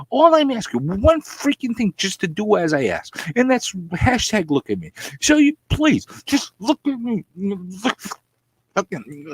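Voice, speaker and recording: A husky-voiced man rants on his comic book stream with jokey mock outrage. His pitch swings all over the place, and the sound is dry and close. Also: no echo. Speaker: comic book channel host. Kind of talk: ranting live-stream chat.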